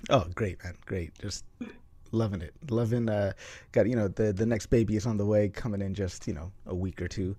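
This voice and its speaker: A man's voice: lowish voice, fairly even intonation, fairly quick, mellow, dry recording. A man hosting a casual online group chat, laid-back and peppering his talk with "man". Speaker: host.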